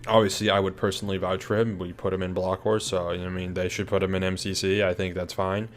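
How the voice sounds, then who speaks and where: A man's voice: sits low, level tone, quick pace. A young man talking casually through a ranked list of players, chatty and hesitant, with many fillers and restarts. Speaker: video creator ranking players. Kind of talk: casual ranking commentary. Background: faint music.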